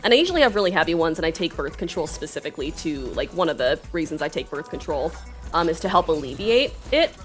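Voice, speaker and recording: An animated woman streaming a game live, her voice swinging widely in pitch. She chatters to her viewers, breaks into sudden yelps and laughter, and keeps apologizing between bursts of panic. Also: fast, soft background music. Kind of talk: live gaming stream chat.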